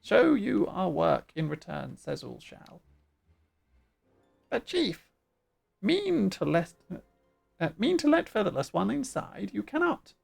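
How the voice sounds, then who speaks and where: A fierce, proud bird-creature warrior from a fantasy game, as a woman puts it on, talking in clipped phrases with the word order jumbled about. The voice jumps around in pitch and carries a gravelly rasp under the squawky edge. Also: sing-song, slow pace, pauses often, a little mellow, faint music behind, exaggerated voice. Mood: bargaining. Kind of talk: game dialogue voiced live.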